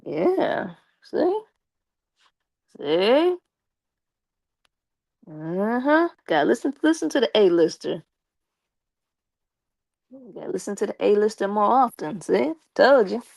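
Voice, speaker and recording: A woman's voice: medium pitch, big pitch swings, slow pace, creaky, pauses often, a little mellow, no echo. A young woman live streaming and chatting casually with her viewers, slangy and talkative, with a slight lisp from her braces. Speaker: live streamer talking to chat.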